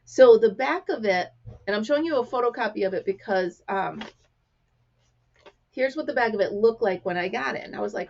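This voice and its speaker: Gravelly chatty woman telling stories. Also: on the high side, brisk, a little mellow, highs cut off. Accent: American. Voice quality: gravelly, clears throat often. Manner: chatty storyteller, acts out quotes. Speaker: crafting vlog host. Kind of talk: casual chat to camera.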